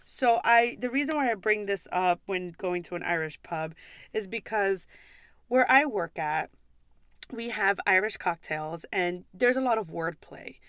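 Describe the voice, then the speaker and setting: A woman's voice: mid-range voice, lively intonation, measured pace, fairly bright tone, smooth, no echo, clean studio sound. A young woman hosting a podcast, ranting casually and bluntly about customers at the pub where she serves, swearing often and laughing in exasperation.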